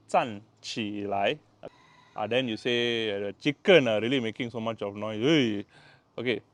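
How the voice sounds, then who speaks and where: A man with a Malaysian English accent, tutoring in a casual home vlog, repeating each word and explaining step by step. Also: medium pitch. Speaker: language tutor.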